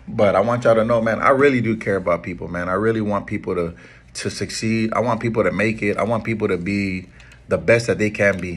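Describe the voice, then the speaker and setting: A man's voice: on the low side, a bit bright, slightly rough. A middle-aged man, a barber and shop owner, giving an earnest motivational talk that pleads with his listeners and repeats key lines.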